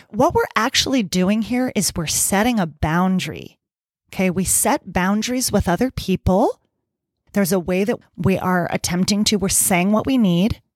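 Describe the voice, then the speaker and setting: A woman's voice: mid-range voice, dry recording. Chatty woman coach, dry close voice. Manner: chatty, playful, acts out inner voices. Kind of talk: casual podcast talk.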